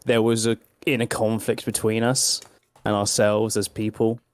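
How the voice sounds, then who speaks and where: Dude co-hosting a podcast, deadpan sarcasm, super dry close sound. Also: male voice, on the low side, moderate pace, no room sound. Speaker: podcast co-host. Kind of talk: casual podcast chat.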